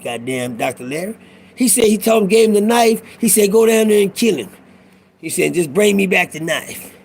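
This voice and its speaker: A man's voice: sits high, vocal fry, darkish tone, breathy edge. A middle-aged man talking in a casual monologue, telling a profane, preachy prison story in street talk. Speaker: vlogger.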